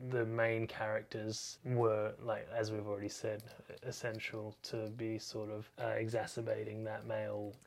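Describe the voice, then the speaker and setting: A man's voice: fairly low pitch, completely flat delivery, moderate pace, vocal fry, few pauses. A young man hosting a podcast in casual chat, laid-back and self-deprecating, often trailing off and restarting. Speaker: podcast host.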